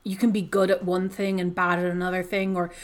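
A woman's voice: on the low side, level tone, a little fast. Woman host, casual chat recapping a novel, chatty, filler-heavy. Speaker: podcast host discussing a book.

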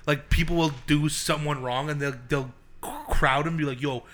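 A man's voice: a little high, steady tone, moderate pace, a bit bright. A young man in casual, profane podcast chat, rambling and laughing often.

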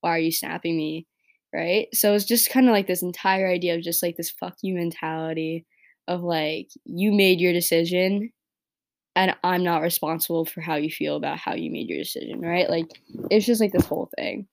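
A teenage girl from New York talking through her breakup on her own podcast, rambling and filling every pause with "like" and "right?". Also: on the low side, steady tone, vocal fry. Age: teens. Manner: rambling, heavy use of "like" and "right?". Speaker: podcast host. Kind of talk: casual personal podcast monologue.

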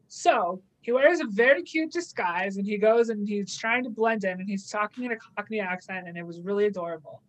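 A young woman retells a story in an easy, chatty way, tossing in playful asides as she goes. Her voice sits at a middle pitch, and her talk is casual and lively. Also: a little fast, hardly any pauses, low-quality recording. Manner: chatty, animated recapping with playful quoted asides. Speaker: podcast co-host. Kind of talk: casual chat, retelling an episode.

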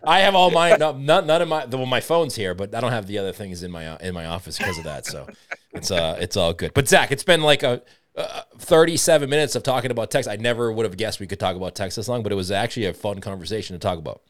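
Man, Boston accent, podcast host, rapid chatty talk, loud laughs. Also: fairly low pitch. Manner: quick, chatty, laughs loudly. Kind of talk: casual podcast interview.

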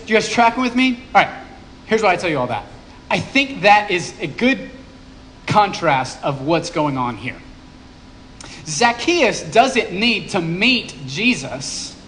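High-voiced man preaching a casual sermon. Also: fairly bright tone, a little hiss or hum. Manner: conversational, playful asides to the congregation. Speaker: pastor.

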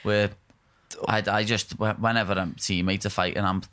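A man's voice: on the low side, normal speed, clean tone. A young man chatting casually as a co-host, telling stories and acting out quotes. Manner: animated storyteller, acts out quotes. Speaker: co-host, fighter. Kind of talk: casual chat.

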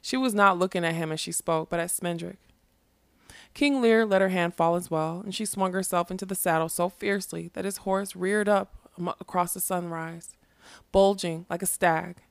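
A woman reads a fantasy novel aloud in an unhurried, lyrical way. Her voice sits on the low side with a gravelly, fry-touched texture, recorded close in a dry space. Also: steady tone, no room sound. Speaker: reader.

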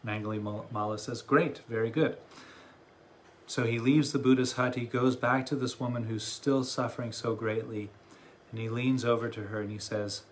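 A man who teaches meditation, giving a dharma talk and telling a story in a reflective way with many pauses. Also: medium pitch, flat delivery, slight background noise.

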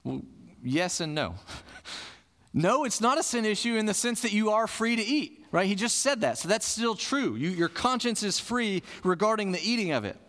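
A man preaches in a relaxed, conversational way, posing questions to the room and then answering them. His voice sits high for a man. The sound carries a long reverb from a church hall. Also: moderate pace. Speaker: pastor. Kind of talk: sermon.

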